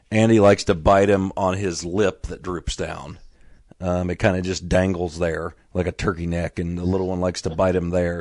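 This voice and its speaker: Deep-voiced man hosting a fishing show. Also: no echo, studio quality. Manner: rapid-fire announcer reading event details, then relaxed chat. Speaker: podcast host. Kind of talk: casual show talk and announcements.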